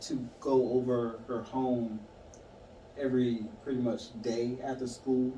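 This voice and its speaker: Man guest, mellow dark voice, halting and reflective, echoey room heard from a distance. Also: mid-range voice, little pitch movement. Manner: halting, reflective, many fillers. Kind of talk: casual conversation, personal story. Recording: echoey room, far mic, some noise.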